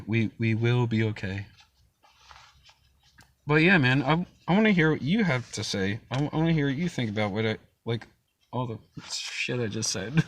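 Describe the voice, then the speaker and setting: A young man hosting a casual chat stream, rambling loosely with frequent swearing and laughter. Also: mid-range voice. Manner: rambling, profane, laughs often. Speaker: stream host.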